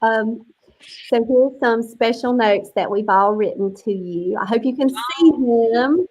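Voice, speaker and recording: A woman's voice: fairly high pitch, unhurried, a little mellow, low-quality recording. A woman hosting an online book launch on a video call, chatty and emotional, close to tears.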